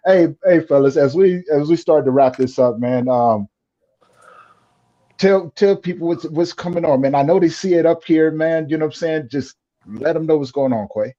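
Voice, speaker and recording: A man's voice: fairly high pitch, moderate pace, mellow, dull audio. A man hosting a casual podcast in an easygoing way, often repeating filler phrases. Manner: easygoing, repeats 'man' and 'you know what I'm saying'. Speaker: podcast host.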